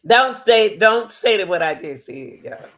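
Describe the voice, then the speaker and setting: A woman's voice: mid-range voice, lively intonation, a little slow. A woman, hosting her channel and talking casually to camera, playful and teasing, laughing often and calling people baby and sweetie. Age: 60s. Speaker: channel host.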